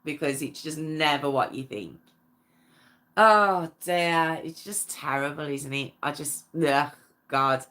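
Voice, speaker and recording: Slow and deep-voiced, with a fairly bright tone, a woman runs a true crime livestream as a relaxed live chat. She responds to viewers' comments and laughs a lot along the way.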